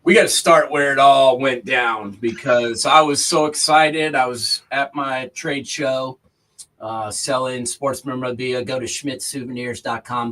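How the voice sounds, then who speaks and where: Excitable man ranting about football. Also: mid-range voice, poor audio. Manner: excitable, ranting, retells stories with animated voices. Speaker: co-host. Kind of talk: casual sports talk.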